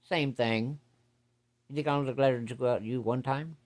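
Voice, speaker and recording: A storyteller putting on a gruff old father. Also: medium pitch, steady tone, fairly quick, pitched above the performer's own voice, lightly acted. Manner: gruff, interrogating. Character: stern older father, protective, gruff, man.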